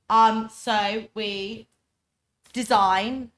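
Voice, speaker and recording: A young woman from England with an English accent, telling travel stories on a casual podcast, loud and chatty. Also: fairly high pitch, fairly even intonation, slow. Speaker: podcast co-host. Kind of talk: casual chat, storytelling.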